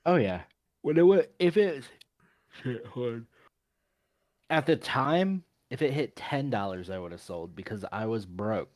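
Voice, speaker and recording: A man's voice: fairly low pitch, a little slow, dry recording, clean studio sound. A man co-hosting a casual podcast chat, talking bluntly and swearing freely. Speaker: podcast co-host.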